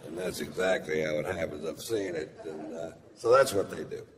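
A man's voice: a bass voice, normal speed, heavy background noise. A middle-aged man doing stand-up comedy, telling a profane story in a drawling, rambling way from a theater stage. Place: large theater stage with audience. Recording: live theater recording with long reverb.

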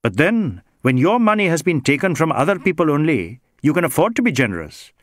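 A man's voice: a little high, very animated, a little fast, no echo, clean studio sound, pitched above the performer's own voice. A man doing a stern, upright police inspector. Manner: firm, sharp.

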